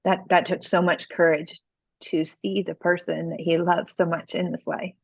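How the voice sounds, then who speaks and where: Podcast host, woman, lowish voice, thoughtful and searching, dry, muffled sound. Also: level tone, normal speed, gravelly, slightly rough, no room sound. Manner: warm, thoughtful, searching for words. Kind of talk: interview conversation.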